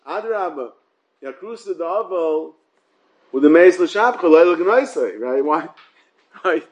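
A man's voice: on the high side, dull audio. A man giving a Talmud study class in casual English, mixing in Hebrew and Yiddish terms, often repeating words and checking in with "yeah?" and "right?". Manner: asks rhetorical check-ins like "yeah?" and "right?". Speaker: Torah study teacher.

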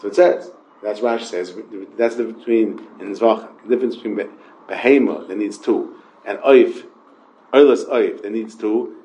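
A man's voice: on the low side, moderate pace, dark tone, slight background noise, low-quality recording. A man with a Yeshiva English accent teaching an informal Talmud class, mixing Hebrew and Yiddish terms into his English and questioning his students.

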